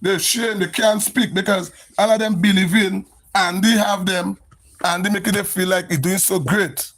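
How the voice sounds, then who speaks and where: A man's voice: sits high, fairly even intonation, normal speed, a bit bright. A man with a Grenadian accent ranting on a live social media stream, emphatic and repetitive, sounding exasperated.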